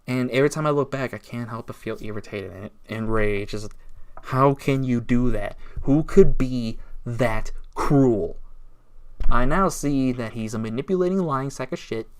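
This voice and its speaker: A man's voice: mid-range voice, smooth. A man ranting in a casual vlog, aggrieved and sarcastic, taunting his target. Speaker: YouTuber.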